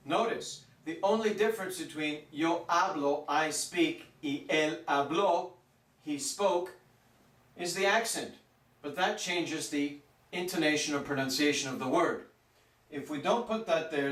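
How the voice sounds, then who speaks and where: A man teaching a Spanish grammar lesson, speaking slowly and stretching out words to show their pronunciation. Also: a little high, fairly bright tone. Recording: roomy echo, mic some distance off.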